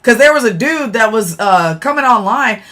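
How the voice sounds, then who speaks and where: Blunt, bright-voiced woman livestream host. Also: a little high, expressive, moderate pace. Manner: blunt, profane, talks to chat as y'all. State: sore throat. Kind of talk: casual live-stream chat.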